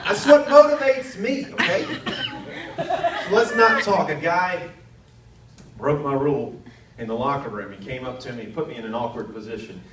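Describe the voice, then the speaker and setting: With an expressive, mid-range voice at normal speed, a thirties-aged comic from North Carolina works an arts center stage, turning jokes on himself and jumping into quoted voices. A laughing crowd is audible in the background. The room is echoey, the mic distant, and the hiss loud.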